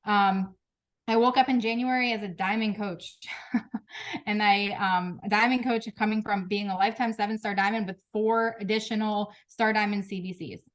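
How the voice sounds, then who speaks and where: A woman in her thirties speaking frankly and emotionally to her team on a group video call, with quick restarts and laughs. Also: mid-range voice, fairly even intonation. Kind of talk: candid motivational talk.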